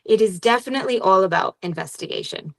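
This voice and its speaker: A woman's voice: medium pitch, expressive, fast, gravelly. A young adult woman co-hosting a podcast in casual chat, candid and swearing freely, acting out quotes as she talks. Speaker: podcast co-host.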